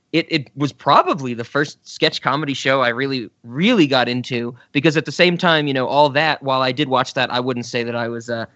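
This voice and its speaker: A man in his thirties co-hosts a podcast, chatting in an easygoing, reflective way with occasional fillers. His voice is medium-pitched, bright and forceful, with no room sound, though the dry lo-fi audio is slightly dull.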